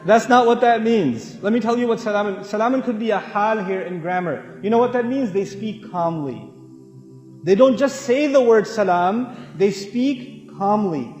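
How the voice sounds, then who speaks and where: A man with a high voice preaches in an animated, storytelling way, full of humor and sudden drops to a hush. He sounds like he is in a roomy hall with a long echo. Faint music plays behind him. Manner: animated storytelling with humor, shifting between loud and soft. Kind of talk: lively religious talk.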